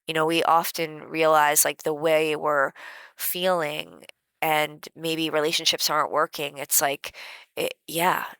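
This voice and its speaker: A woman teaching a guided emotional self-help lesson in a gentle, conversational way, with many casual fillers. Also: deep voice, level tone, measured pace, smooth, no room sound, poor audio.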